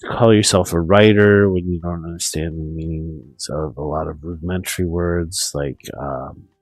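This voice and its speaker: A man's voice: low-pitched, steady tone, moderate pace, dry recording, soft background music, rough recording. A man streaming a profane, meandering rant full of restarts. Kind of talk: rambling monologue.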